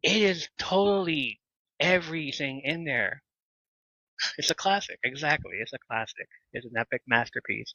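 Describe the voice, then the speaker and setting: A man hosting a casual live podcast, animated and laughing often as he chats with viewers. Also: fairly high pitch, moderate pace, creaky, no room sound. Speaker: podcast host. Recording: slightly dull lo-fi mic.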